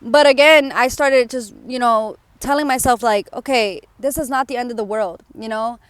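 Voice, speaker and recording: Young woman, story time, candid, emotional, filler-heavy, smooth voice, dry sound. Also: on the high side, normal speed, no room sound. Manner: candid, emotional, many fillers like "like" and "you know". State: tearful at times. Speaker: vlogger.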